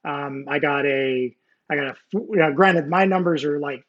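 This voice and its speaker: A man's voice: on the high side, normal speed, fairly bright tone. Rambling nerdy man on a muffled call. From United States. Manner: rambling, many fillers and restarts; nerdy, self-deprecating. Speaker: guest, former Navy nuclear technician. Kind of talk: casual interview storytelling. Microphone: video call. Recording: muffled video call audio.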